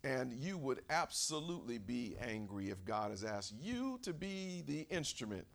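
A man preaching a sermon as a pastor, putting questions to the congregation and calling for amens, moving between quiet asides and loud, high preaching. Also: big pitch swings, moderate pace, vocal fry. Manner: emphatic, with questions to the congregation and call-and-response.

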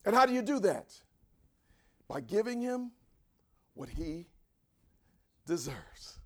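In a high-pitched, very animated voice, a male pastor delivers a sermon. He leads the congregation in reading scripture aloud, and his delivery swings between quiet asides and shouted, drawn-out phrases.

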